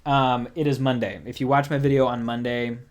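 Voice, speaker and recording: A man's voice: medium pitch, little pitch movement, a little fast. A young man hosting a casual music livestream, rambling in a chatty way and reading out viewer comments. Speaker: music channel host.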